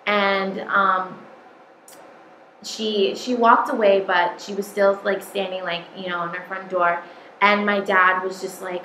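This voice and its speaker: A woman's voice: mid-range voice, fairly even intonation, moderate pace, sharp tone. A young woman telling a personal story in a casual, rambling way, with many "um"s and "like"s. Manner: rambling, full of "um" and "like". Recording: echoey room with light noise.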